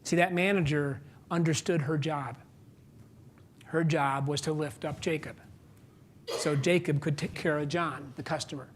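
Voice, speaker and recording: Speaking with a fairly high pitch over a faint hiss or hum, this man is a keynote speaker and author addressing a large audience from the stage. His motivational talk unfolds as a lively story in which he voices both people in a dialogue. His volume lurches between quiet and loud, and he poses questions to listeners and holds for punchlines.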